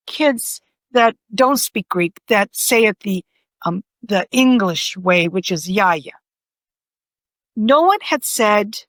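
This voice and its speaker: An older woman, an author, telling personal stories in a conversation with animated expression. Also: sits high, dry recording. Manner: animated, vividly acts out voices in her stories. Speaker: author and podcast guest.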